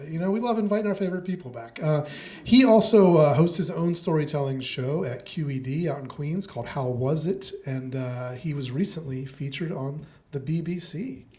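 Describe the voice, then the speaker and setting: A man hosting a live storytelling show on a small theater stage, chatty and relaxed with fillers. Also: a little high. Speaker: host.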